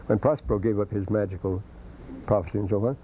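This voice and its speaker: A man's voice: on the low side, quick pace. A man giving a classroom lecture in a rambling, scholarly way, with many restarts and asides. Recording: dull lo-fi lecture recording with faint hiss.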